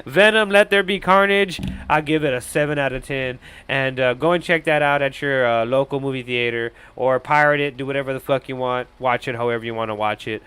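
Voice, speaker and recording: A man's voice: medium pitch, fairly quick, few pauses, sharp tone, clear, resonant tone. A young man giving a casual, crude, rambling movie review on a live stream, often laughing at his own jokes.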